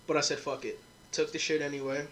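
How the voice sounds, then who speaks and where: A young male podcast host with a slightly high, bright voice talks fast in a flat delivery, with a little background noise. He tells a rowdy drinking story to friends, casual and profane and packed with quoted dialogue.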